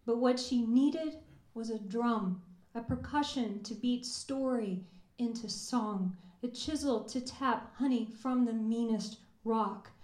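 Slow, deliberate woman reciting poetry. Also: fairly high pitch, darkish tone. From Kentucky. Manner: measured, deliberate, lingering on words. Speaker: poet. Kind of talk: spoken word poetry performance. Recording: echoey room.

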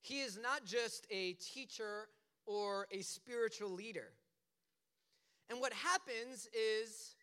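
A male pastor preaching in an easygoing, storytelling way, full of casual asides. His voice sits high and sounds clean and clear. It has a bright, forward edge. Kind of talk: casual conversational sermon.

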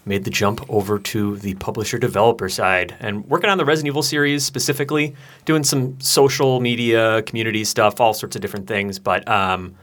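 A man's voice: fairly low pitch, little pitch movement, a little fast, fairly bright tone. A man with a Minnesotan accent, a guest on a podcast, talking easygoing and wry with lots of fillers. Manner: easygoing, dry humor, many fillers. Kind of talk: casual chat.

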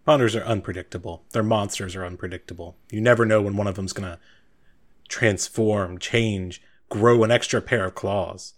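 A man voicing a gruff veteran guard captain who asks blunt, accusing questions. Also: on the low side, steady tone, normal speed, natural voice. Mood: suspicious.

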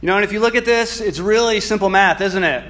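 Earnest male preacher, slightly high voice. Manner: earnest, builds from soft reflection to emphatic bursts; reads scripture slowly and deliberately. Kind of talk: sermon.

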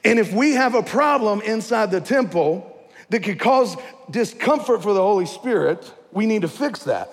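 A pastor with a notably high voice preaches to his congregation. He talks in a folksy, conversational way, often checking in with rhetorical questions. His voice rings out with a long reverb from the church hall. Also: animated, normal speed. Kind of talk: sermon.

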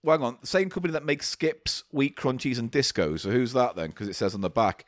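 A man's voice: medium pitch, a little fast, no room sound, studio quality. A man co-hosting a casual comedic podcast, playful and swearing freely. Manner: playful, swears, breaks into silly voices. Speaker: podcast co-host.

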